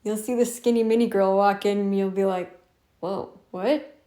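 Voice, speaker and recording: A woman's voice: medium pitch, fairly even intonation, mellow. A woman vlogger talking to camera in a casual, insistent way, repeating herself for emphasis. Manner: insistent and repetitive, drawn-out emphatic phrasing.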